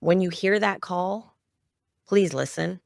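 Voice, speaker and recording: Heartfelt, slightly gravelly woman storyteller. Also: on the low side, slow, no room sound, studio quality. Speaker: guest, founder of a children's music project. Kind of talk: conversational storytelling interview.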